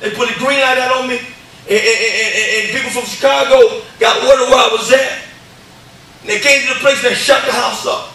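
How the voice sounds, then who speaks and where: A man giving an impassioned church testimony, stammering through repeated words and building up to shouts. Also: extremely high pitch, fairly even intonation, a little fast, heavy reverb, recorded from a distance, low-quality recording. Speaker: testimony speaker. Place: church hall.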